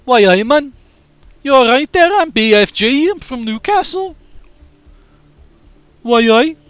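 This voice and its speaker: Man doing a high, sing-song Geordie greeter. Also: expressive, slow, a bit bright, smooth, dry recording, soft background music, full character voice. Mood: chirpy.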